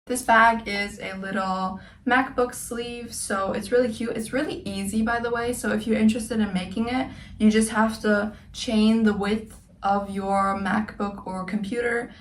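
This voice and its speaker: A woman's voice: medium pitch, steady tone, measured pace, hardly any pauses. Young woman, casual vlogger, rambling show-and-tell delivery, recorded on a camera mic in a roomy space. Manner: chatty, rambling, filler-heavy. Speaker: crochet vlogger.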